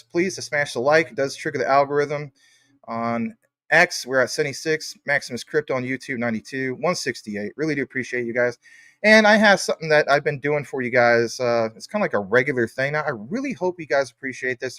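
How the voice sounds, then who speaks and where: A man's voice: medium pitch, a bit bright, no room sound, studio quality. Rambling, upbeat male crypto streamer. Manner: rambling, enthusiastic, welcomes chatters by name. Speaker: crypto livestream host. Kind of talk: casual livestream chat reading viewer comments.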